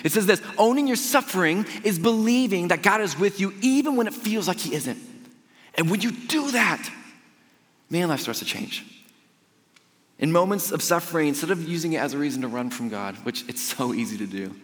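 Young preacher in a reverberant hall. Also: male voice, a little high, animated, brisk. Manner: conversational storytelling with dramatic swings between quiet and loud. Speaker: pastor. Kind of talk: sermon. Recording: long reverb of a large hall.

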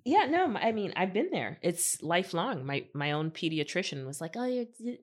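Woman podcast co-host, low-set and very animated pitch, wry and playful. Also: normal speed. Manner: playful, wry, laughs often. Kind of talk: casual TV recap chat.

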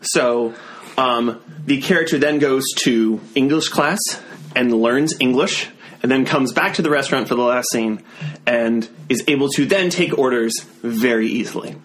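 A man's voice: medium pitch, moderate pace, a bit bright. A man guesting on a podcast, telling a story in casual chat with lots of restarts and self-deprecating asides.

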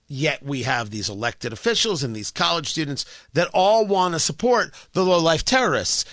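Man, radio show host, sarcastic combative monologue, high pitched, bright edge. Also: no echo, clean studio sound. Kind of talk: political talk radio monologue.

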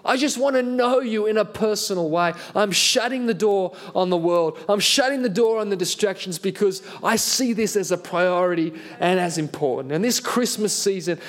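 Guy pastor preaching, pretty high voice, earnest and animated, pokes fun at himself. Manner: earnest, animated storytelling with self-deprecating humor. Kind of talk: sermon with personal story.

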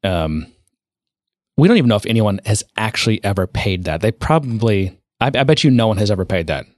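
Low-voiced man in rambling chat. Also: expressive, brisk, no echo, clean studio sound. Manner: rambling, trails off quietly. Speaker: podcast co-host. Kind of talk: casual tech chat.

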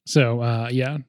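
Young guy chatting about movies, laughs a lot, dry close sound, middling pitch. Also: no room sound. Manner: rambling, laughs often, restarts. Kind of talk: casual film chat.

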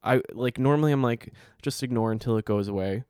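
A man's voice: medium pitch, a little fast, darkish tone, clean tone, no echo, studio quality. A man co-hosting a casual chat, animatedly acting out quotes from people he met on the street. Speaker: podcast co-host. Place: New York.

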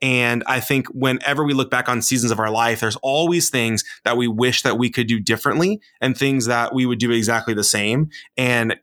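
A man's voice: medium pitch, moderate pace, few pauses, a bit bright. A man in his thirties co-hosting a podcast, giving earnest, rambling advice to new fathers with plenty of fillers. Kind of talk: casual advice chat.

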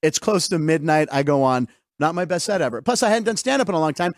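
A man's voice: on the high side, quick pace, dry recording, studio quality. A man hosting a casual talk show, telling stories and acting out the people in them. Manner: animated storyteller, acts out quotes. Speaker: host. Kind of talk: casual chat.

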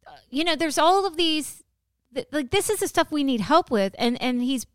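A woman co-hosting a podcast in casual chat, effusive and quick to exclaim. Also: high-pitched, animated, no echo, clean studio sound. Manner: warm, effusive, gasps and exclaims often. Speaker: podcast co-host.

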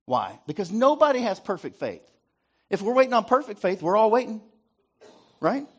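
A man's voice: sits high, very animated, normal speed, slightly rough. A man preaching a sermon as pastor, asking the congregation to repeat lines back to him and tagging points with "right?". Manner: rhetorical call-and-response, repeated "right?".

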